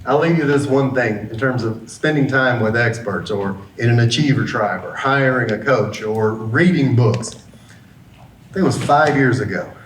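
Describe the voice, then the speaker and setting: Telling his story with lively energy, a middle-aged business coach acts out the voices of its characters during a motivational talk. He speaks slightly slowly in a mid-range voice. A distant mic gives the audio a roomy feel and a faint hum.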